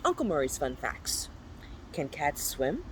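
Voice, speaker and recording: Children's book read-aloud, playful storyteller, lively swooping pitch, faint background noise. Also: measured pace, rough recording. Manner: playful, animated read-aloud with high squeaky exclamations.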